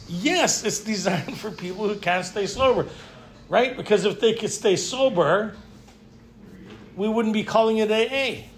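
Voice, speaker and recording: Male retreat speaker, high voice, blunt storyteller with tough-guy humor. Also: moderate pace, slight background noise. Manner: lively storytelling, frequent rhetorical "right?". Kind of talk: recovery talk to a live group. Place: retreat meeting room.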